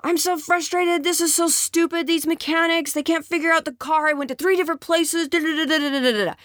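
A woman's voice: extremely high pitch, steady tone, fairly quick, fairly bright tone, no echo, clean studio sound, pitched above the performer's own voice. A woman mimicking a frustrated husband who complains in a whiny, exaggerated voice. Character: frustrated husband complaining about car trouble.

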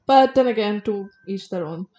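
A woman talks through a criminal case in a relaxed podcast conversation. She reads out the facts and then breaks off to give her own blunt opinions. She trips over a word now and then. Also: mid-range voice, normal speed, dull audio. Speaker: co-host. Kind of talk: casual true-crime podcast chat.

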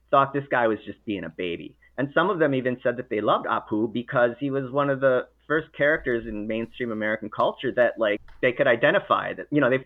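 A man chatting casually as host, rambling with many restarts and self-corrections. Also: mid-range voice. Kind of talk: casual chat. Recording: narrow phone-like sound.

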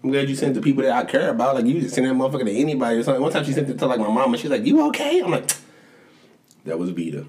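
A man co-hosting a casual sports chat, telling stories animatedly, jumping into high voices to act out quotes and laughing often. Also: very fast, crowd noise. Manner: animated storytelling, acts out quotes with big pitch jumps, swears a lot. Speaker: podcast co-host.

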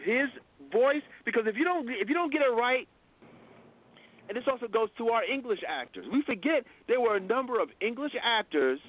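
A high-pitched man hosting a call-in radio show, pressing his point and talking over anyone who cuts in. His voice comes through a narrow, phone-like line. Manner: insistent, talks over interruptions.

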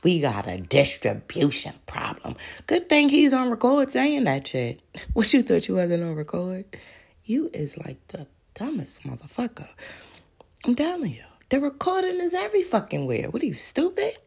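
A woman's voice: a little high, huge pitch swings, moderate pace, creaky, darkish tone, breathy edge. A woman, hosting a podcast and delivering a profane, heated monologue full of rhetorical questions. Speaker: podcast host.

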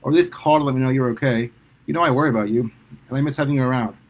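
A man voicing a warm, fretful middle-aged mother, affectionate and teary. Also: medium pitch, rapid-fire, lightly acted, poor audio. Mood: fussing warmly.

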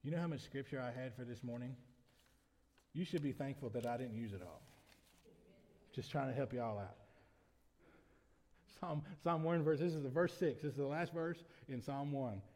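A man preaching a sermon as pastor, shifting between quiet conversational asides and loud, emphatic preaching. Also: medium pitch, normal speed, long pauses. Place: church sanctuary. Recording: long reverb of a church hall.

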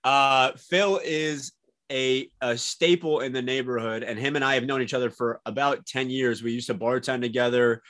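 A man's voice: medium pitch, fairly even intonation, moderate pace, a bit bright. A man co-hosting a casual podcast, a bartender who laughs easily and talks playfully.

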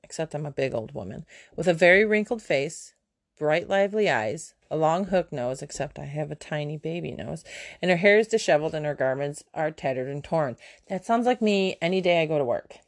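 A chatty woman in her thirties hosts a podcast from home with her kids nearby, cracking self-mocking jokes. Her voice sits on the low side, and a sore mouth leaves her words a touch slurred. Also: animated, a little fast. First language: German. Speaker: podcast host. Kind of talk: casual solo podcast storytelling.

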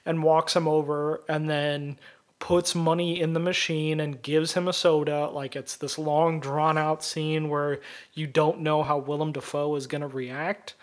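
Man, podcast co-host, casual film chat, animated retelling, slightly high voice. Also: unhurried. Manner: animated storytelling, retells scenes at length.

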